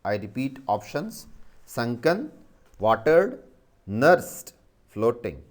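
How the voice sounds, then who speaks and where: A man's voice: mid-range voice, very animated, takes it slowly. A male teacher with a Pakistani English accent, dictating a vocabulary exercise and spelling words letter by letter.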